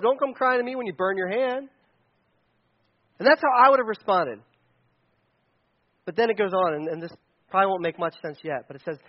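Brief: male pastor, high voice, chatty sermon with casual asides, muffled lo-fi sound. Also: a little fast, pauses often. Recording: dull lo-fi sound.

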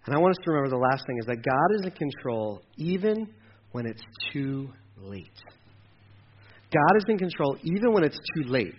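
Guy pastor giving a sermon, fairly high voice, kinda dull lo-fi sound w faint hiss. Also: moderate pace. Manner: animated, acts out voices of God and people in quotes, then drops to soft near-whispers.

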